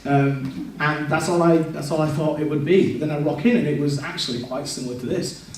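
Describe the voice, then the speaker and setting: Speaking fairly quickly in a fairly high voice with a darkish tone, this man tells his candid testimony at a church service, acting out his own words from back then. The distant mic catches the echo of the large hall along with a little hiss or hum.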